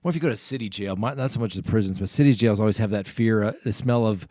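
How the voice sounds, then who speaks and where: A man hosts an interview in a casual, conversational way, often repeating words as he gathers his thoughts. His voice sits fairly low, and the sound is dry and close. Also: quick pace, warm tone, dry recording. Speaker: host, trial attorney.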